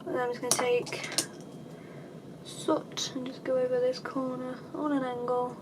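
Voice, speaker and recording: A woman chatting casually through a makeup tutorial, self-deprecating and dryly sarcastic, with her voice sometimes dropping low. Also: little pitch movement, moderate pace, noisy background. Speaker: beauty vlogger.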